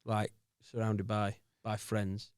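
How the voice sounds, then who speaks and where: A man co-hosting a podcast, asking questions in a measured, teasing way. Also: lowish voice, completely flat delivery, clean tone, no echo, studio quality. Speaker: podcast co-host. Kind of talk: casual chat. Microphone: studio mic.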